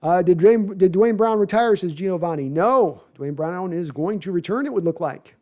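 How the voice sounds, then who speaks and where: A man hosting a casual live stream, reading viewer comments aloud and answering them with quick asides and self-corrections. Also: high voice, lively intonation, a little mellow. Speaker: livestream host answering viewer chat. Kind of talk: casual live chat about football.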